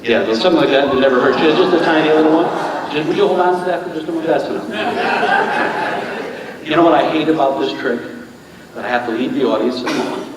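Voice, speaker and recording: A man's voice: on the high side, fast talker, pauses often, a loud crowd. A man performing as a stage magician, chatting and joking with volunteers in front of a live audience. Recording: echoey theater hall from far off, audience noise.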